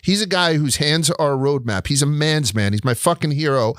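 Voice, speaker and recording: A young adult man hosting a casual chat, telling stories in an animated way and swearing often. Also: a little high, a little fast, no echo, studio quality. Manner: animated storytelling with frequent swearing. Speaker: host.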